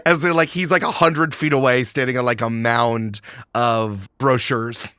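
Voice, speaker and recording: A man's voice: mid-range voice, fairly even intonation, a little slow, pushed and bright, clean tone, no echo, clean studio sound. A man narrating as game master of a tabletop game, playful and enthusiastic.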